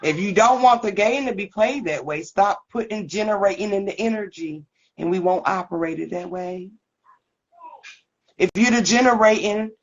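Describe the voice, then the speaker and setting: A woman's voice: mid-range voice, dull audio. A woman hosting a podcast, chatting casually and pressing her point by repeating it. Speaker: podcast host.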